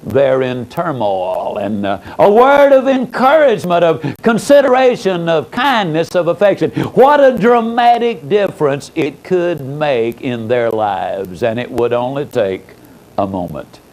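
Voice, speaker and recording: An older man with a Southern American accent giving a motivational speech, telling stories with dramatic swings of pitch and loudness and long pauses. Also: sing-song, low-quality recording. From Southern United States. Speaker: motivational speaker. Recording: old audio tape recording.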